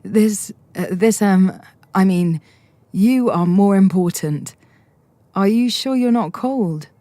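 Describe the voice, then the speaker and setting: A woman's voice: mid-range voice, mellow, no echo. A woman reading the part of a nervous, eager young man who stumbles over his words. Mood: flustered.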